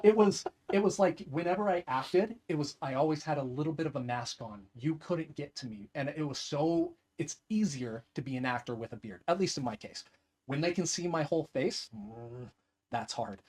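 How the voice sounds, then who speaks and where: A male actor speaks openly in a relaxed interview, his voice sitting a little higher than most. He stumbles and restarts often, with a halting, earnest delivery. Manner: candid, halting, stammers on restarts. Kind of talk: casual interview chat.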